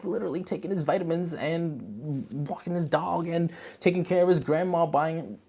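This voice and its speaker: A podcast host chatting casually about a movie, slangy and rambling, telling the story in an animated way. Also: medium pitch, moderate pace, slightly rough. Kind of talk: casual movie review chat.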